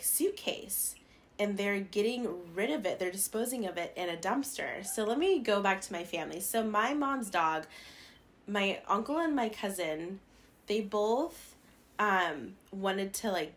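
A young woman from Las Vegas co-hosts a podcast, telling stories in a chatty, casual way and laughing often. Her voice is mid-range and a little bright.

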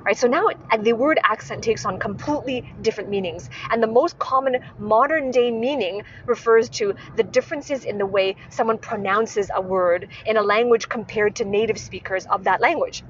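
A woman's voice: fairly high pitch, normal speed, few pauses, muffled recording, a little hiss or hum. A woman hosting a podcast and teaching about speech, who often checks in with tag questions and corrects herself mid-sentence. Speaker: podcast host and speech coach. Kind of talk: instructive podcast monologue.

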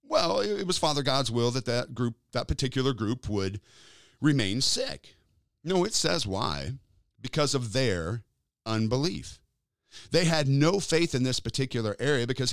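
A male preacher with a lively, swooping delivery, telling stories and mimicking the voices in them. The sound is dry and close, with no room around it. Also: medium pitch, moderate pace, dry recording. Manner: animated storytelling, acting out quoted voices. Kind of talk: sermon.

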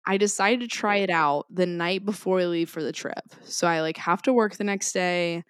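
A woman's voice: lowish voice, normal speed, smooth, dry recording, studio quality. A woman, co-hosting a podcast, who tells a story animatedly and laughs often. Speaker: podcast co-host. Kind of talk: casual chat.

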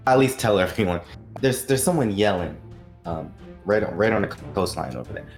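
A man's voice: on the low side, lively intonation, a little fast, soft background music. A man playing a tabletop game, talking in dry, wry asides. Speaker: player. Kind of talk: casual game chat.

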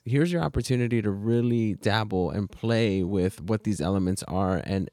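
A man's voice: lowish voice, darkish tone, no room sound, clean studio sound. A man co-hosting a podcast, talking in an earnest, reflective way. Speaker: podcast co-host. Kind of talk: casual chat.

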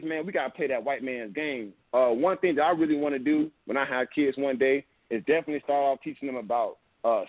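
A man's voice: on the high side, dry recording. A young man hosting a podcast, talking earnestly in a rambling, casual way and often saying "you know what I'm saying". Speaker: podcast host. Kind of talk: casual opinion talk. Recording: dry, tinny phone-like sound.

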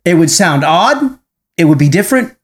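A man's voice: on the high side, big pitch swings, normal speed. A man hosting a podcast in casual chat, rambling with many restarts and frequent tag questions. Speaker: podcast host.

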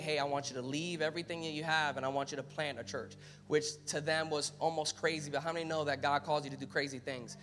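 An energetic male pastor preaches a sermon, swinging from casual asides to loud, emphatic calls to his congregation. His voice carries a long reverb from the church hall, and faint music sits underneath. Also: fairly high pitch. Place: church sanctuary.

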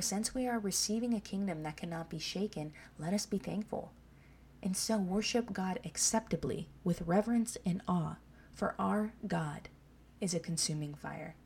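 A woman's voice: lowish voice, a little mellow, slight background noise. A woman preaching a sermon, reading scripture aloud and pressing her points with repeated questions to the listeners. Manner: emphatic, asks the listeners "Amen?".

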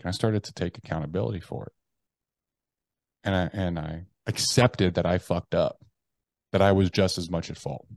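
A man's voice: low voice, fairly even intonation, normal speed, creaky, pauses often, a little mellow, no room sound. An American man, a guest on a podcast, telling personal stories frankly, with profanity and frequent restarts. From United States. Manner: acts out his own inner voices. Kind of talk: candid interview storytelling.

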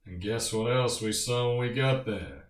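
A man's voice: on the low side, moderate pace, recorded from a distance, natural voice. A man playing a showy, boastful band manager who keeps quizzing the listener, in an improvised comedy interview. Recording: echoey, off-mic.

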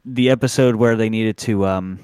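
A man's voice: on the low side, smooth, no room sound, studio quality. A man co-hosting a podcast, chatting casually, laughing often and recapping an episode's plot. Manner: animated, laughs often, quick asides. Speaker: podcast co-host.

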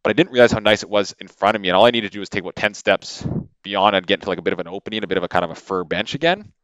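A man from Canada, a podcast guest, telling a story in a casual, animated way with lots of fillers and repeated words, into a podcast microphone. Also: on the low side, rapid-fire, no room sound, lo-fi sound.

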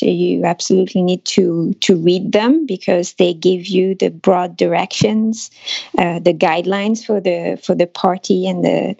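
A woman with a French accent, a guest analyst answering interview questions thoughtfully with many pauses and fillers. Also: on the low side, creaky, a little mellow, no echo, highs cut off. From France. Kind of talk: podcast interview.

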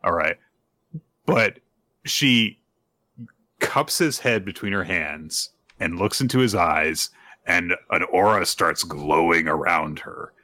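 A man with a low voice speaks slowly on a casual podcast, with no room sound, going over a manga chapter. Animated as he tells it, he performs the characters' quotes and uses plenty of fillers, especially "uh."

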